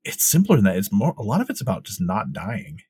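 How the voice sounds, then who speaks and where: A man co-hosting a casual gaming podcast, calmly explaining how group play works. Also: lowish voice, quick pace, breathy edge. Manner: explanatory, laid-back. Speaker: podcast co-host.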